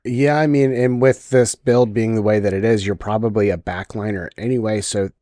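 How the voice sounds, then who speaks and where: A man's voice: on the low side, steady tone, moderate pace, mellow, no room sound, studio quality. A man co-hosting a podcast, mostly chiming in with short reactions in casual chat. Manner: brief reactive interjections. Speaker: podcast co-host.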